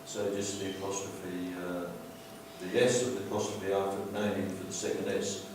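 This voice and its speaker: A man teaching a grammar lesson over slides, explaining patiently and repeating himself, slowing down to stress key words. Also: low voice, flat delivery, slight background noise. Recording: very echoey room, distant mic.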